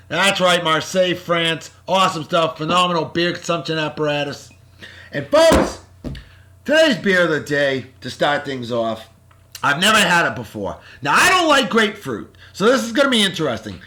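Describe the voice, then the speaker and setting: A man hosting a casual beer-tasting vlog, talking in a loud, hyped-up, slangy way and sounding short on sleep. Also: high-pitched. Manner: boisterous, hyped-up, shouty slang-laden praise. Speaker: vlog host.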